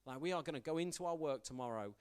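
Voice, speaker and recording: A man's voice: a little high, rapid-fire, clean tone. A young man preaching a casual sermon, telling stories and acting out the dialogue in them. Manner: storytelling, animated, acts out quoted dialogue, self-deprecating. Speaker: youth pastor preaching. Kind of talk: conversational sermon with anecdotes.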